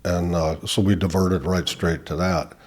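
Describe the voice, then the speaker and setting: An older man recounting his military past as a podcast guest, in halting speech full of pauses and fillers. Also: low-pitched, steady tone. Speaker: guest, Vietnam veteran. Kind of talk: reflective storytelling.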